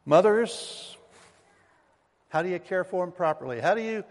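A male pastor delivers a sermon in a church sanctuary with a somewhat high, emphatic voice and a folksy, storytelling turn. A long hall reverb trails behind his words, and the delivery stays direct and pressing. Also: animated, moderate pace.

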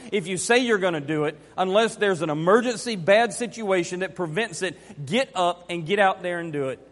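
A man preaching a sermon, emphatic and fond of repeating his key phrases. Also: high voice. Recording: long hall reverb.

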